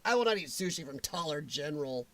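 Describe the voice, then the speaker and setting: A man's voice: on the high side, lively intonation, fast talker, fairly bright tone. A man hosting a casual livestream chat, rambling and blunt, joking as he reads viewer comments. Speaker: livestream host.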